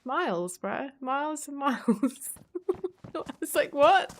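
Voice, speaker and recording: A woman's voice: high voice, expressive, takes it slowly. An English woman live-streaming a game, chatting casually, laughing often and swearing freely. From England. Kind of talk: casual live-stream chat while gaming.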